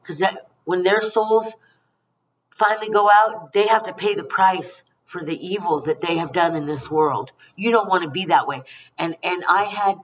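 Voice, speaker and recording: A woman's voice: fairly low pitch, slight background noise. Middle-aged woman psychic, affectionate and rambling, dull slightly distant audio. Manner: rambling, emphatic and affectionate, calls listeners honey and you guys. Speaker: psychic card reader. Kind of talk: spiritual card reading to camera.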